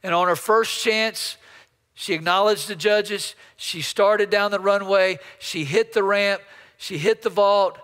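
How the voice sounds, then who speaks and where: A man's voice: sits high, steady tone, unhurried, sharp tone, smooth, big-room sound. A man preaching a storytelling sermon as pastor, often repeating words as he builds up a story. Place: church sanctuary.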